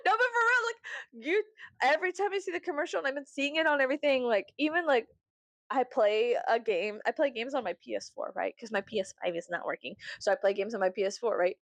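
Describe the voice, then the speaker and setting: A woman's voice: a little high, lively intonation, brisk, a bit bright, no echo. A woman vlogger chatting casually, swearing often, breaking into laughter and theatrical outbursts. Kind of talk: casual chat.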